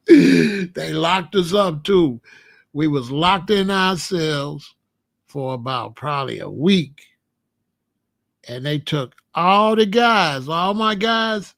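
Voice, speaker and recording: Man, higher voice, dry close sound, casual storytelling monologue, animated, profane, laughing. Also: slow, creaky, pauses often, dry recording. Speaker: channel host telling a prison story.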